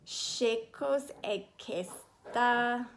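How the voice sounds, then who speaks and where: A woman's voice: sits high, slow pace, slight background noise, pitched above the performer's own voice, exaggerated voice. A woman voicing a stern, middle-aged mother who speaks firmly and with finality in a storybook reading. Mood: puzzled. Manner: firm, flat and final.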